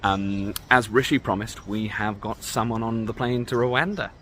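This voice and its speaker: A man's voice: on the low side, normal speed, a bit bright, a little hiss or hum, lightly acted. A man playing a bumbling male government minister, hesitant and full of ums and uhs. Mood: cheerfully awkward.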